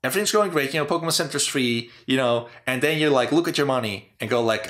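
A man's voice: mid-range voice, fast, hardly any pauses, fairly bright tone. Rambling, cursing young man ranting. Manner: rambling, profane, exasperated ranting. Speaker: host. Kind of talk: casual chat about game design.

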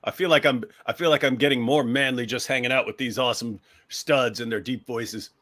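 A man's voice: mid-range voice, fairly even intonation, fairly quick, a bit bright. A man in a casual panel chat, teasing the others with sarcastic jokes.

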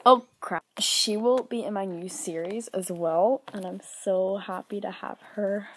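A young woman vlogging an unboxing, gushing and gasping, often dropping to an excited whisper. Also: mid-range voice, a little slow, husky.

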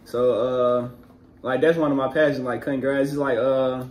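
A young man talking as a guest in casual chat, halting and slangy. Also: medium pitch, steady tone, darkish tone, reverberant. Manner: halting, many fillers and restarts, slangy. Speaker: guest, navy sailor.

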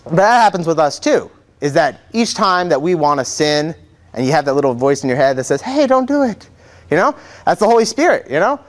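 A man's voice: fairly high pitch, sing-song, fairly quick. A young man, a seminarian, teaching an adult faith class in a chatty, joking way, acting out quotes. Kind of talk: informal classroom lecture. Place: church classroom.

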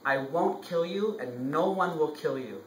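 A man's voice: on the high side, unhurried, reverberant, far from the mic, slight background noise, close to an everyday voice, rough recording. A man voicing a remorseful male priest in a spoken story, in an earnest storytelling voice.

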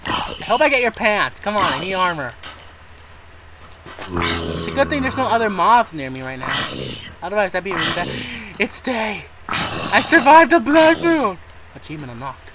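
A gamer giving casual let's-play commentary, excitable, laughing often and swearing when surprised. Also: mid-range voice, normal speed, pauses often, crowd noise, poor audio. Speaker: gamer playing a modded survival game.

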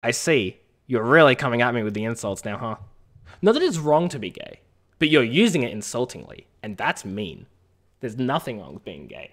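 A woman's voice: rumbling low, big pitch swings, normal speed, faint music behind. Playful Australian woman streamer. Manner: playful, laughing, teasing the chat. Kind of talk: casual live-stream chat.

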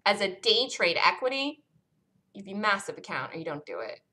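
Woman running a trading room chart review, bright voice, keeps repeating herself for emphasis. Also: medium pitch, big pitch swings, brisk, poor audio. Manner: emphatic and repetitive, asks listeners questions. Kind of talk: live stock chart review.

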